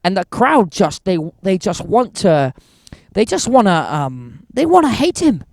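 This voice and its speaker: A man's voice: high voice, big pitch swings, unhurried, gravelly, no echo, studio quality. A man talking as a guest in a casual interview, rambling and enthusiastic, full of restarts. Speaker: wrestling promoter, guest.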